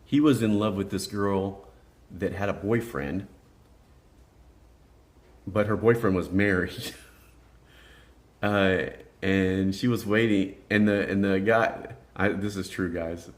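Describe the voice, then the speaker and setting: A man's voice: deep voice, steady tone, takes it slowly, pauses often. A middle-aged man telling rambling personal stories in a casual monologue, laughing as he goes and acting out the voices of people in them. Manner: rambling, laughs through anecdotes, acts out quoted voices. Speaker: vlogger telling life stories.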